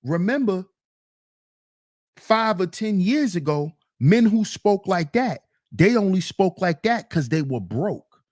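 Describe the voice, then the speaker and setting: A man hosting a solo commentary show, reacting to a clip with teasing, drawn-out rhetorical questions. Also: sits high, very animated, darkish tone. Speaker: commentary channel host.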